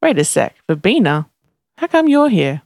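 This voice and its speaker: A woman voicing a young man high on morphine after a broken arm, loose and giggly as he jokes. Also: very animated, moderate pace, darkish tone, dry recording, clean studio sound. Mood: drugged, joking.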